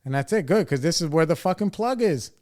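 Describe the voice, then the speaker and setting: Profane, animated young man telling a story. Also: on the high side, brisk. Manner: profane, animated, exasperated retelling. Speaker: podcast host. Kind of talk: casual storytelling chat.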